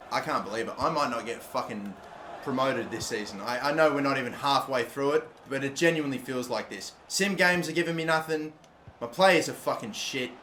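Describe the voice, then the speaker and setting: A young man commentating his own football video game, swearing constantly and bursting into loud, frustrated outbursts. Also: mid-range voice. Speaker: gaming YouTuber. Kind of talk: live gameplay commentary. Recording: echoey room, faint background noise.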